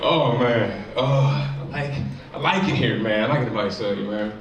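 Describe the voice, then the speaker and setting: A man's voice: medium pitch, moderate pace, muffled recording. A man doing a stand-up comedy set in a live venue, talking in a loose, chatty way. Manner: loose, chatty delivery full of "you know what I'm saying". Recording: echoey live room, distant mic, crowd.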